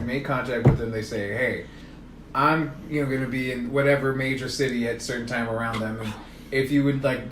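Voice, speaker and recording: A man's voice: mid-range voice, roomy sound, noisy background. A man co-hosting a podcast, chatting crudely and casually, swearing freely and laughing often. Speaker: podcast co-host.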